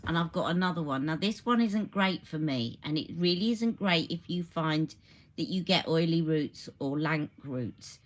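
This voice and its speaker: Woman, casual live-stream host, chatty, lower-pitched voice, breaks off to answer comments. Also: lively intonation, normal speed. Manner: chatty, reacts to viewer comments mid-sentence.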